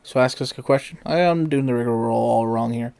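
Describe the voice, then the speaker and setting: A man hosting a podcast, wrapping up with an easy, unhurried sign-off. His pitch is middle of the road and he drops in the odd uh as he asks listeners to subscribe. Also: creaky, darkish tone, clear, resonant tone. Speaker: podcast host.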